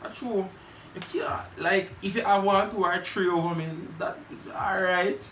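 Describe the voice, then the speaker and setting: A man's voice: sits high, fairly even intonation, a little slow, a bit bright. A young man with a Jamaican accent chatting casually, telling stories animatedly in Patois and laughing often. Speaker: guest. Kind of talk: casual chat. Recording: roomy, distant mic, faint noise.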